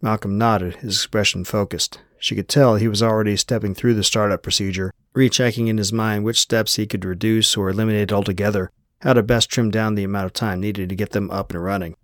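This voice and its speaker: A man narrates a novel in an even, measured way. His voice sits low. The recording is dry and close, with no room sound. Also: dry recording. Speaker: audiobook narrator. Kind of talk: scripted narration.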